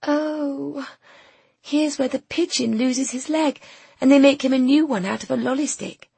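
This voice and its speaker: A woman voicing a pampered, spoiled young woman in an audiobook, breathy and pouty. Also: high voice, measured pace, warm tone, no room sound, pitched above the performer's own voice. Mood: wistful. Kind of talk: audiobook character voice.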